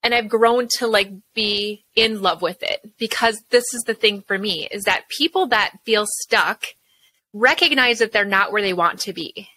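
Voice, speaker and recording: Brief: woman host, bright clear tone, chatty and encouraging. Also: medium pitch, moderate pace, low-quality recording. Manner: encouraging, frequent short affirmations. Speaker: podcast host. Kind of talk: casual podcast interview.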